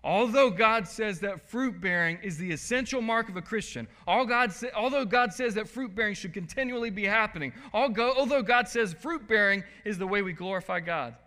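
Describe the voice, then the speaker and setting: A man preaching a sermon as pastor, swinging from soft, quiet lines to loud bursts. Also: high voice, a little fast, few pauses. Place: church sanctuary. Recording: long hall reverb.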